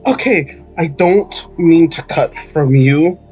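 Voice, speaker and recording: A man with a fairly high voice narrates as the game master, loose and chatty, tossing in filler words and giggling. Faint music plays underneath. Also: takes it slowly, darkish tone.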